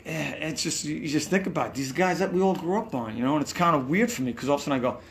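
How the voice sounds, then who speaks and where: In a hotel room, a musician with a New York accent, appearing as a guest, rambles through backstage stories in a casual interview, acting out quotes and swearing occasionally. His voice is fairly high with lively intonation, he races along, and there's slight hiss or hum.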